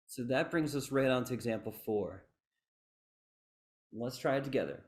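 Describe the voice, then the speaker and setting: A male fife instructor leads an online workshop over a video call, counting in and chanting rhythm syllables at a middle pitch. His manner is encouraging and patient, with a faint hiss under the voice. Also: moderate pace. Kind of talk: online music workshop lesson.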